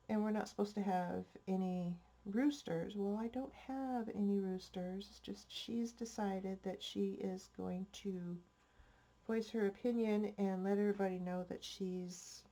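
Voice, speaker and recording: Older woman, slow chatty homespun crafter. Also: mid-range voice, mellow. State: stuffy-nosed. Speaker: crafting channel host. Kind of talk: casual crafting vlog chat.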